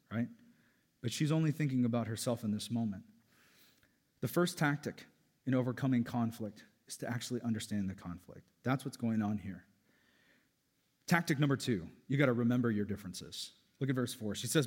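A man preaching a sermon as pastor, animated and joking, with loud emphatic peaks. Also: medium pitch, moderate pace, husky. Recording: long hall reverb.

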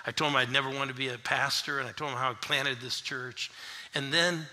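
A middle-aged man preaching a sermon as pastor. He swings from shouted call-and-response with the congregation to hushed, quiet storytelling. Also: mid-range voice, steady tone, a little fast. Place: church.

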